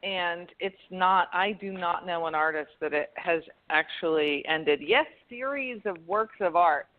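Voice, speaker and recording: A woman guest in a radio interview, talking thoughtfully and hesitantly, with many pauses and ums. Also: fairly low pitch. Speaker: arts foundation founder, guest. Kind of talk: conversational interview. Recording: tinny phone-line sound.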